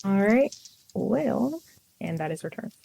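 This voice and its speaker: A woman's voice: mid-range voice, big pitch swings, unhurried, gravelly, background noise. A woman taking part as a player in a tabletop game, chatty and enthusiastic. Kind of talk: casual tabletop game play.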